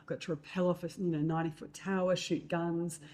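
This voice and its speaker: Woman, Australian accent, middle-aged, low-pitched, mellow tone, animated storytelling, quoting others. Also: brisk. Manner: lively anecdotes with acted-out quotes, fillers. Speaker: guest. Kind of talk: storytelling in conversation.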